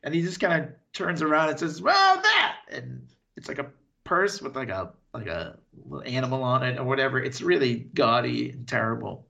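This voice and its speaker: A man co-hosting a podcast, retelling a TV episode in casual chat and slipping into quick voices for the characters. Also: medium pitch, vocal fry. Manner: animated retelling with quick impressions and laughs. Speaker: podcast co-host.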